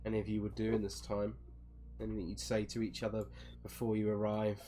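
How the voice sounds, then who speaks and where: A man running a tabletop game as dungeon master, narrating in a relaxed way with many fillers. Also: fairly low pitch, brisk, faint music behind.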